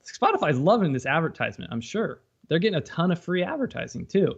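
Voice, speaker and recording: A man co-hosting a podcast in casual chat, animated and quick with quips. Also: on the high side, creaky, husky, dull audio. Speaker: podcast co-host.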